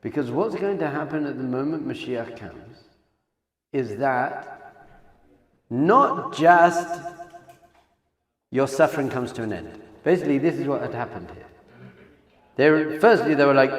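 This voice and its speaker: A man, a rabbi, giving an animated Torah class, swinging between hushed lines and loud exclamations. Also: medium pitch, a little slow, long pauses. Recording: echoey hall sound effect.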